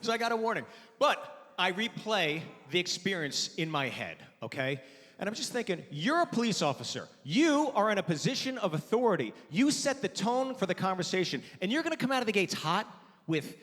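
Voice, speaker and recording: Stand-up comic, slightly high voice. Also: male voice, big pitch swings, moderate pace, fairly bright tone, long reverb tail. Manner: conversational storytelling, acting out both sides of dialogue. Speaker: stand-up comedian. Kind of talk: stand-up comedy set. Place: theater stage before a live audience. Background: audience laughter.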